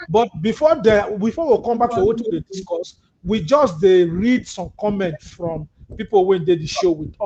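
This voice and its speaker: A man's voice: sits high, darkish tone. A Nigerian man with a Nigerian Pidgin English accent, hosting a live political talk show, reading viewer comments and answering them with mocking asides. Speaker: host. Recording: muffled lo-fi audio with faint hiss.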